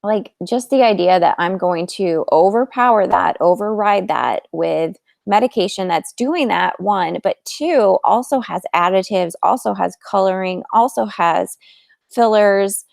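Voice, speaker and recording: A woman who works as a fertility coach shares her personal story with viewers in a candid, chatty way, saying "like" constantly. Her voice is medium-pitched, unhurried and a little mellow with vocal fry. The recording is studio quality with no echo.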